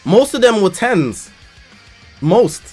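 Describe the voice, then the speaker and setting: A young man with a London accent, telling stories casually on a live stream in a slangy, animated way. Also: sits high, takes it slowly, slightly rough, faint music behind. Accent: London English. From England. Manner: animated, slangy, breaks into loud laughter.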